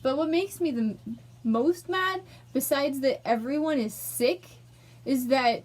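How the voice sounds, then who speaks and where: A woman's voice: high-pitched, a little slow. A young woman ranting angrily in a personal vlog, emotional and swearing. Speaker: vlogger.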